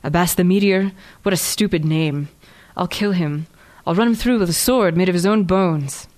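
A woman's voice: fairly low pitch, normal speed, a little mellow, natural voice. A woman reading the lines of a passionate, hotheaded young man who speaks urgently and pleads. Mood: desperate, angry. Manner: urgent, pleading, hoarse at times.

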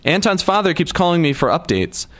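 A man's voice: a little high, very animated, fairly quick, fairly bright tone, pitched above the performer's own voice. A male audiobook narrator voicing Rose, a woman speaking curtly and evasively on the phone. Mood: brisk.

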